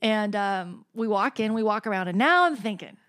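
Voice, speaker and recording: A woman guest on a podcast telling a personal story in a casual, animated way, often saying "like" and acting out what people said. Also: medium pitch, normal speed, smooth, no echo, clean studio sound. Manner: animated, acts out quoted voices, frequent "like".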